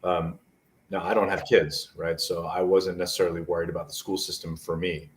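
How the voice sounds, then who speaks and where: A New Jersey man in his forties, a motivational speaker appearing as a guest in a casual interview, tells stories in a rambling, earnest way. His low voice is level in tone and a little fast, sounding distant from the mic with slight background noise.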